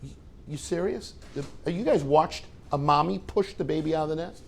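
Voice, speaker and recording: Man, rabbi, informal lesson, joking, asks the class questions, somewhat high voice. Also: a little fast, vocal fry. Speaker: rabbi teaching students.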